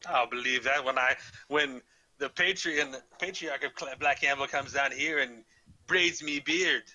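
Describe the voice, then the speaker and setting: A man's voice: mid-range voice, a little slow, bright, forceful tone, no echo, low-quality recording. A man voicing a prickly, bearded female dwarf researcher in a put-on Scottish accent, grumbling and dismissive. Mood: gruff.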